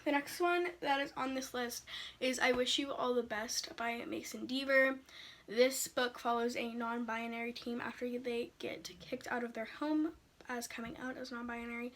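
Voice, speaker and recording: A young woman chats eagerly at home, her voice sitting a little high. She rambles with fillers and gushes about what excites her. A faint hiss runs under the recording. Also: moderate pace. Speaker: book vlogger. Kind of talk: casual chat. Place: home room.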